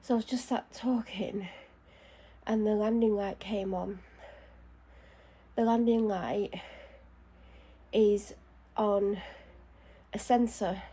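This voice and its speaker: A woman's voice: medium pitch, steady tone, slow pace, warm tone, husky. A woman chatting casually at home while doing her skin care, anxious and out of breath. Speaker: vlogger. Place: home bedroom.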